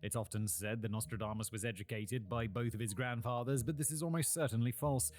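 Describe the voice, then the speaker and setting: A man's voice: medium pitch, steady tone, fairly quick, darkish tone. Playful British man telling history. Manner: playful, rambling jokey asides. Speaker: host. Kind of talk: casual history talk.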